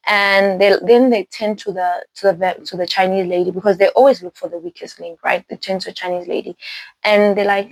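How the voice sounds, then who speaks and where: A woman hosting a casual spoiler recap of a film, talking in an animated, rambling way, with laughs and restarts. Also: mid-range voice, a little fast, no room sound, rough recording. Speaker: movie reviewer host.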